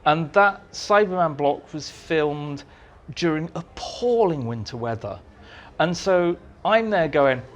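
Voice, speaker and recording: A fan society meeting hosts this writer as an interview guest, whose voice is a little high and whose pace is moderate, with a little hiss or hum in the audio. He tells anecdotal stories with animation, voicing the quotes he recounts.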